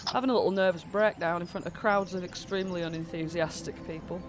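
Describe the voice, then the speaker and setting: With music playing behind him, a man talks fast in a high voice with fairly even intonation. He's narrating as a tabletop game master, rambling through lots of fillers while sick with a cold.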